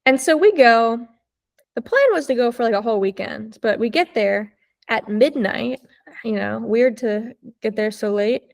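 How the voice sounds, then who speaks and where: A young woman appears as a podcast guest, telling a personal story in a chatty way, saying "like" constantly and swearing freely. Her voice is gravelly and on the high side, at normal speed, and she acts out quoted dialogue.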